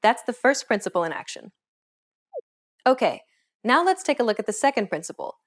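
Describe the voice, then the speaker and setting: A woman giving a scripted pronunciation lesson in a clear, explanatory and measured way. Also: fairly high pitch, sing-song. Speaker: pronunciation teacher. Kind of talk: scripted instructional narration.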